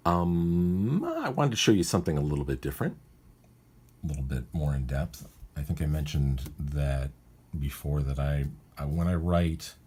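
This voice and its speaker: Very deep, husky-voiced male cartoonist. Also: expressive, moderate pace, darkish tone. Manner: rambling, thinking aloud, often correcting himself. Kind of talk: casual walkthrough of his writing process.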